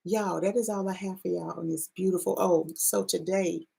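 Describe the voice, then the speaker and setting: A woman's voice: fairly low pitch, fairly even intonation, normal speed, vocal fry, warm tone, a little hiss or hum, low-quality recording. A woman giving a casual spiritual card reading to her viewers in a loose, salty, chatty way.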